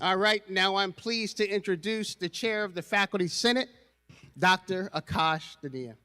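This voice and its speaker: A man's voice: sits high, moderate pace, sharp tone, clear, resonant tone. A man giving a convocation speech as university president, rousing the crowd and leading call and response.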